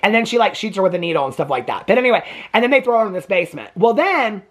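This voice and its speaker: A woman recaps a movie she found awful at a brisk, tumbling pace. Her voice sits at an ordinary middle pitch, and she laughs often and swears casually. She shifts to higher voices to quote the characters. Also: big pitch swings. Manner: rambling, laughing, profane, acts out characters in high voices. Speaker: movie reviewer.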